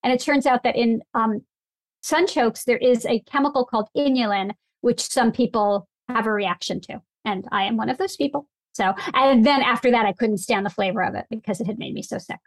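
A woman, a food writer, chatting casually as a podcast guest, emphatic and opinionated with quick asides. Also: a little high, dry recording.

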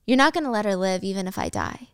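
A woman voicing a calm, fearless teenage girl. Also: medium pitch, quick pace, clear, resonant tone, dry recording, studio quality. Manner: calm, level.

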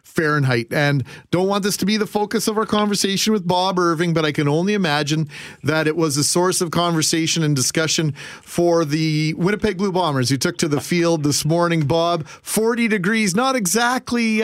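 A man's voice: high-pitched, normal speed, no echo. A man hosting talk radio in a conversational, polite way, with many fillers. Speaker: radio host.

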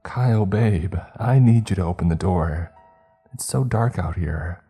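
A man voicing a creature that mimics a young woman, soft and sweet at first, then scornful and screaming. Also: rumbling low, big pitch swings, a little slow, slightly rough, soft background music, full character voice. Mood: coaxing.

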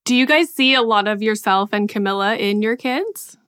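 A woman's voice: medium pitch, normal speed, a bit bright, clean tone, no room sound, clean studio sound. A woman hosting a podcast, introducing her guest with gushing enthusiasm before interviewing him. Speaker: podcast host.

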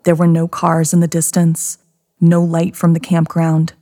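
A woman hosting a podcast, narrating a scary story in a hushed voice that often sinks to a whisper. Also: low-pitched, completely flat delivery, unhurried, a little hiss or hum. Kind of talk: scripted horror story narration. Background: background music.

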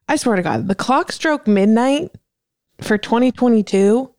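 A woman's voice: on the high side, lively intonation, measured pace, darkish tone, dry recording, studio quality. A young woman co-hosting a podcast, chatting in an upbeat, casual way. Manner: chatty, upbeat, uses "dude" and "honey". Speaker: podcast co-host. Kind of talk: casual chat.

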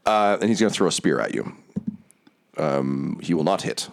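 Deep-voiced casual game master. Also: male voice, lively intonation, normal speed, vocal fry. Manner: casual, laid-back narration with fillers and laughs. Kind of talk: narrating a tabletop game.

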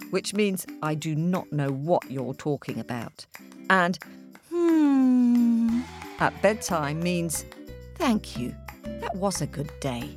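Slow lively woman kids' host. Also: sits low. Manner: friendly, questioning the listener. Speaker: podcast host. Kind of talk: children's podcast presenting.

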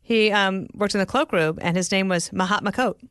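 A woman's voice: medium pitch, brisk, fairly bright tone, clear, resonant tone, no echo, clean studio sound. A woman hosting an interview podcast, chatting in a friendly way and telling stories and jokes. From rural area. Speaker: podcast host. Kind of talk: casual interview chat.

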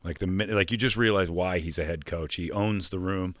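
Man, very low voice, radio host, loose rambling chat, dry close mic. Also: brisk, fairly bright tone, no echo. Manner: rambling storyteller, lots of restarts and impressions. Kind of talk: casual podcast chat.

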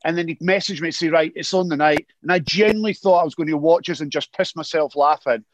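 High-pitched Scottish man, dry sound. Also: fast talker, no room sound. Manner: teasing, chatty. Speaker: podcast host. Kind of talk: casual chat.

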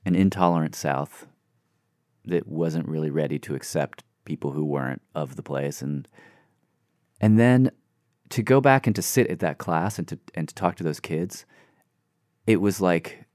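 A man's voice: low voice, moderate pace, long pauses, a little mellow, no room sound, clean studio sound. A man from Nashville talking as an interview guest, earnest and musing, with lots of fillers. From Nashville, Tennessee, US. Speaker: interview guest, series creator. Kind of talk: reflective conversational interview.

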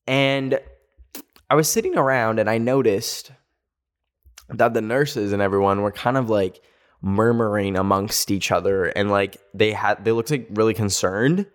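A man's voice: on the low side, normal speed. Sassy, chatty man telling a story. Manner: animated storytelling, sassy asides, acts out quotes. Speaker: podcast host. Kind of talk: casual chat.

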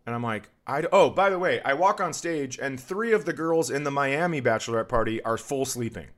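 A man hosting a podcast, telling a crude, animated story about a rough comedy show and mocking hecklers in put-on voices. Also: mid-range voice, fairly quick. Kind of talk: casual storytelling chat.

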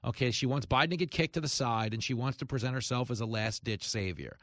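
A man's voice: medium pitch, fast talker, a bit bright, dry recording, clean studio sound. A man hosting a talk radio show, delivering a sarcastic, opinionated monologue full of asides. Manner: sarcastic, riffing with acted-out quotes. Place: radio studio.

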